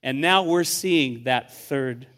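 Slowly and at medium pitch, with a fairly bright tone, an older man preaches as a visiting pastor before a church congregation. The sermon has a conversational, storytelling feel, and he often repeats words when a thought begins.

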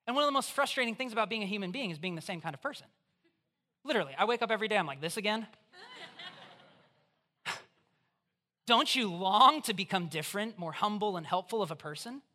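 A preacher giving a conversational, animated sermon in church, putting questions straight to the listeners. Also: mid-range voice. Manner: acts out voices in quotes.

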